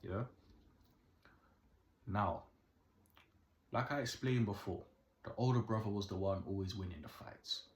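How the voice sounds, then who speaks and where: Young Caribbean-born male storyteller, very deep voice, lively and preachy, roomy echo. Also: unhurried, pauses often. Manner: animated, keeps asking "yeah?", moralizing. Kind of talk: casual storytelling to camera. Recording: echoey room.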